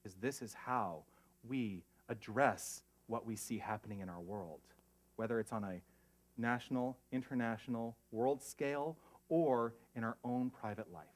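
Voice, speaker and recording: Earnest male minister preaching softly. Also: medium pitch, moderate pace. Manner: emotional, earnest, shifts from hushed to animated. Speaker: pastor. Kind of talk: sermon.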